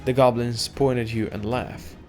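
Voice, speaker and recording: Male gamer reading a text adventure aloud, steady second-person narration, mid-pitched voice, faint music. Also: normal speed. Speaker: game player and narrator.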